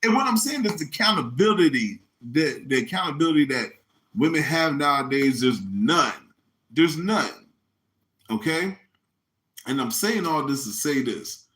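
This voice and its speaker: A man's voice: a little high, unhurried. A man hosting a podcast, ranting in a casual, comedic, and profane way. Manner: animated, profane, mocking. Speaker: podcast host. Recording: echoey room.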